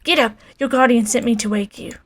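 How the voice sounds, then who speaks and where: A woman's voice: fairly high pitch, fairly even intonation, a little fast, close to an everyday voice. A woman voicing a sly, teasing old female demon servant in a game.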